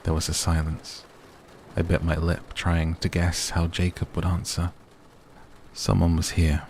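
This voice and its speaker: Deep gravelly man reading a sleep story. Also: completely flat delivery, normal speed, darkish tone, a little hiss or hum. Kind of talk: soothing bedtime story narration. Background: rain sounds.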